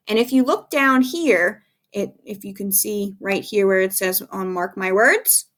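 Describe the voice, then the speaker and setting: A woman's voice: medium pitch, a bit bright. A woman teacher giving a recorded phonics lesson to young children, patient and encouraging, spelling words out letter by letter.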